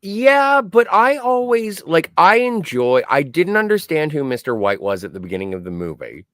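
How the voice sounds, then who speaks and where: A man's voice: sing-song, moderate pace, a bit bright, no room sound, studio quality. A man co-hosting a podcast, chiming in with enthusiastic casual comments. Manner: enthusiastic, swoops up and down in pitch. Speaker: podcast co-host.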